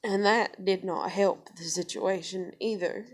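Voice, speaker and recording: A woman's voice: medium pitch, fairly even intonation, a little slow. A young woman, telling a personal story to camera in a blunt, profane, conversational way. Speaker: vlogger.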